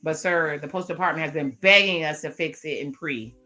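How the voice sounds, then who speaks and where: A woman hosting a reaction video, recapping a TV episode in a chatty, expressive way and reading character lines aloud. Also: low voice, brisk, soft background music. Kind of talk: casual commentary recapping a TV episode.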